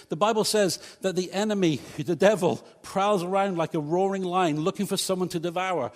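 A man's voice: high voice, a little fast, hardly any pauses, long reverb tail. A male pastor preaching a sermon in a church, talking conversationally and joking with the congregation. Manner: conversational, humorous asides to congregation. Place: church hall.

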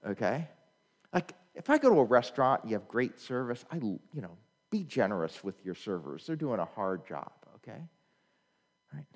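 Animated preacher man in a reverberant hall. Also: mid-range voice. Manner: conversational preaching, checks in with "all right?"; animated storyteller with humorous anecdotes. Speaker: pastor. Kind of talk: sermon. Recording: long reverb in a large hall.

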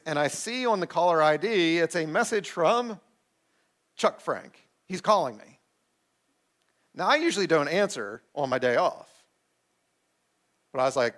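A middle-aged man who is a pastor, telling a personal story in a sermon with animated, self-deprecating delivery and acted-out quotes. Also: a little high, unhurried, pauses often.

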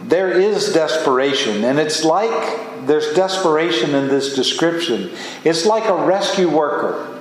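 A man's voice: fairly high pitch, animated, a little slow. A man preaching a sermon as a pastor, earnest and emphatic, often rising into exclamations. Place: church sanctuary. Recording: echoey hall from far off.

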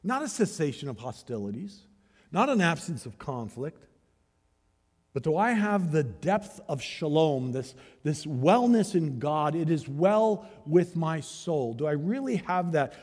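A man preaching a sermon as pastor, swinging between hushed, searching questions and loud, rising calls to the congregation. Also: fairly high pitch, big pitch swings, a little slow. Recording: long hall reverb.

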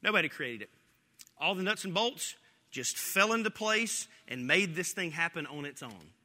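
A man voicing a calm older male scientist who answers flatly and matter-of-factly. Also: a little high, normal speed, in a large hall. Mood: deadpan.

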